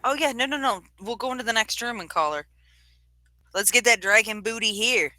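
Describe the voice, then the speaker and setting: Brash joking female player, bright. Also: on the high side, brisk, no echo. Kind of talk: casual tabletop play.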